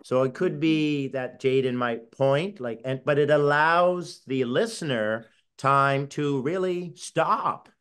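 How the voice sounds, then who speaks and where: A man's voice: mid-range voice, slow, hardly any pauses, a bit bright, smooth. A man co-hosting a children's workshop, playful as he introduces his part and leads the kids. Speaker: co-host and book presenter. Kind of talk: relaxed classroom talk.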